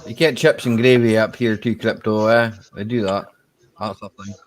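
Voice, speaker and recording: A Scottish man hosting a relaxed online chat, dropping in "aye" and "man" often. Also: fairly low pitch, normal speed. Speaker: channel host. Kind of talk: casual chat.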